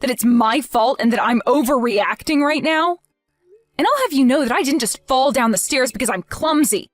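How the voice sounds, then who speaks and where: Woman doing upset young wife, high-pitched, pleading, faint music behind. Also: lively intonation, no room sound. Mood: indignant. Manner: emotional, pleading, halting restarts. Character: young wife grieving, hurt and indignant. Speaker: voice actor in a text story drama. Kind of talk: dramatized text-message story.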